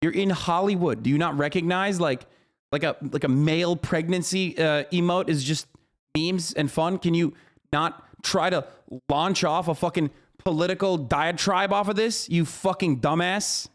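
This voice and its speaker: Give me a live streamer, a man with a high voice, reacting to a clip. He rants in exasperation and swears constantly. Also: normal speed. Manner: profane, exasperated ranting.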